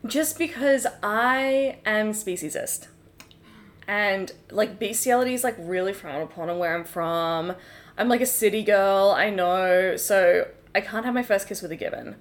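A woman's voice: medium pitch, measured pace, natural voice. A woman playing a naive young city girl. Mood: earnest. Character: naive young city girl before her first kiss.

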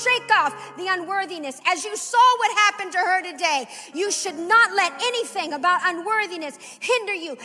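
A woman preacher with a strikingly high, bright voice delivers an impassioned sermon. Her delivery swells into fervent exhortation. The sound carries a long church-hall reverb, with soft music playing beneath her.

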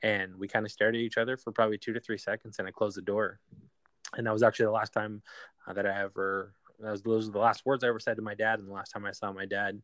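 A man telling a painful personal story in an interview, halting with many fillers and restarts. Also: fairly low pitch, flat delivery, fairly bright tone, no room sound. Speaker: guest.

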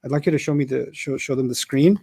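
A man teaching a Quran commentary class to a live audience, explaining grammar with everyday examples in a conversational, animated way. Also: medium pitch, fast talker, husky. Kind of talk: classroom tafsir lecture.

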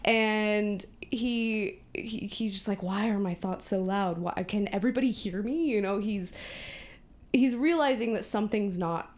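A woman co-hosting a podcast retells a movie plot in casual conversation, acting out the characters' lines and laughing often. She speaks unhurriedly in a medium-pitched, slightly mellow voice.

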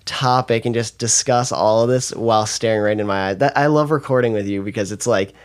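A man's voice: on the low side, fairly quick, smooth. A young man hosting a podcast, affectionate and reflective, and he laughs easily. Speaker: podcast host. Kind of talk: casual chat.

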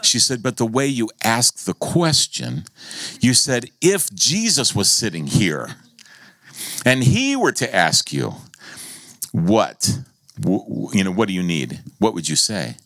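An American man preaching a sermon as pastor, telling a story with laughs and sudden high-pitched exclamations. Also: big pitch swings, slow pace, a bit bright, no echo.

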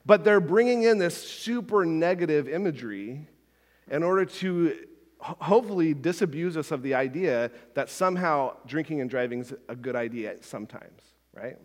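A man's voice: on the high side, animated, normal speed, long reverb tail. A man preaching a sermon as a pastor, talking conversationally with frequent asides and restarts.

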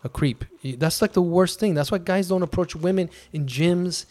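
A man with a high-pitched voice and a moderate pace hosts a podcast, telling a long personal story in casual conversation. He is animated and acts out quotes from himself and others.

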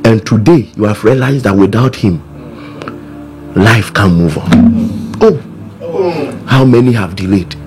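A man's voice: fairly low pitch, unhurried, pauses often, over music. A man preaching fervently, repeating lines for the listeners to echo. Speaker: pastor. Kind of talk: sermon with prayer.

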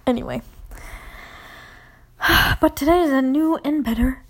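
A young woman with a fairly high voice tells a rambling casual story. She swears freely and fills every sentence with "like", and she keeps slipping into a hushed whisper. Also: a little slow, vocal fry. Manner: rambling, profane, full of "like"; often drops to a whisper.

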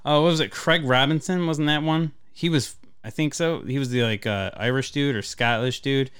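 A male podcast co-host talks in loose, profane banter, animated and quick to swear. His voice is smooth and clear at a mid pitch. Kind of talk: casual profane chat.

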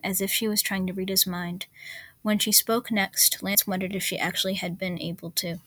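Woman narrator, steady storybook reading, mid pitch, close and dry. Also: normal speed, no room sound. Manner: steady, even storybook narration with small slips. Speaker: story reader. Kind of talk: reading fan fiction aloud.

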